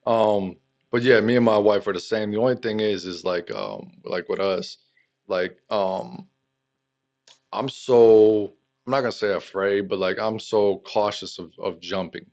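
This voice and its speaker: A man with a very deep voice chats easily as a podcast guest, filling his sentences with "like" and "you know". The recording is slightly dull and muffled. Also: unhurried. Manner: relaxed, filler-heavy talk with "like" and "you know". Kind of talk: casual podcast conversation.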